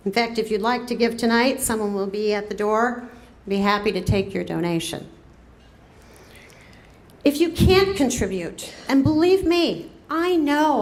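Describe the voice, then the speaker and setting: A woman's voice: on the high side, darkish tone. A woman giving a political rally speech as a campaign co-chair, rousing the crowd and drawing out her words. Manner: rousing, drawn-out delivery with rising calls to the crowd. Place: event room at a cafe, crowd present. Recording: echoey room with crowd murmur.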